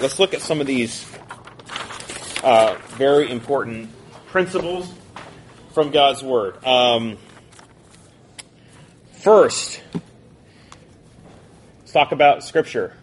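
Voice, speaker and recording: Guy teaching bible to college kids, quick chatty delivery, average voice, a little background hiss. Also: mid-range voice. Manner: conversational, quick, asks the class questions.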